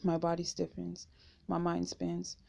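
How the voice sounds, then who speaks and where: Low gravelly woman reading a memoir. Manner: steady, unhurried first-person reading. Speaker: audiobook reader.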